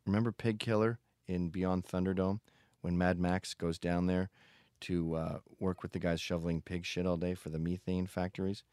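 Low-voiced guy rambling on his podcast, swears a lot, dry sound. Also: flat delivery, moderate pace, a little mellow, clean tone, no room sound. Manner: blunt, profane, digressive. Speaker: podcast host. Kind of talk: casual monologue.

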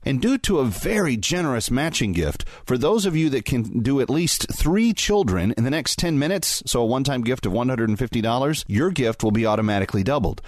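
Male announcer, animated, urgent fundraising pitch. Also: no room sound, clean studio sound. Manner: urgent, persuasive. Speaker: charity appeal announcer. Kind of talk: fundraising appeal.

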